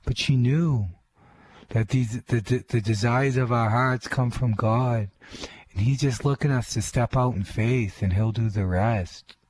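A man's voice: medium pitch, a little slow, a little mellow, breathy edge, dry recording. A man commenting on the sermon as co-host of a radio ministry, earnest and reflective. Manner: earnest, reflective, with frequent restarts.

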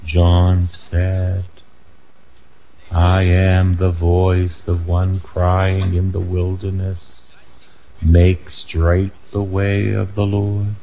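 An older man preaching a sermon, emphatic and rising to loud peaks, with casual asides and self-corrections. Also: deep voice, completely flat delivery, very slow, lo-fi sound.

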